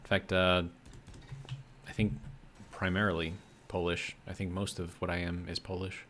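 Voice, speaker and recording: Low-voiced chatty American streamer man. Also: flat delivery, normal speed, fairly bright tone, slight background noise. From United States. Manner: rambling, reads chat aloud, many fillers. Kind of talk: casual live-stream chat.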